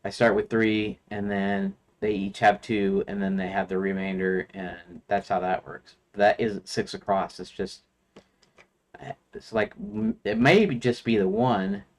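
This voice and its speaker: A man's voice: fairly low pitch, measured pace. A man streaming his game development work, thinking aloud as he goes, with restarts and counting under his breath. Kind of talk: casual work-along commentary.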